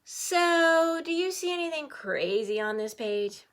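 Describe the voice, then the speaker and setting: A middle-aged woman teaching an online music lesson to children, playful and animated, cheering the class on. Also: extremely high pitch, unhurried.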